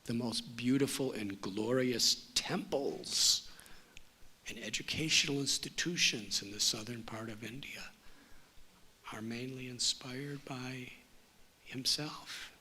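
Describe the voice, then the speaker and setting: A man giving a spiritual talk, telling a story in a slow, measured way. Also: medium pitch, sharp tone, breathy edge. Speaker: spiritual teacher.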